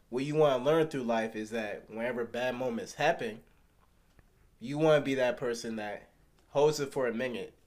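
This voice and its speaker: Man giving casual life advice. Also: mid-range voice. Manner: animated, advice-giving, retells anecdotes. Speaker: podcast co-host. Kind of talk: casual chat.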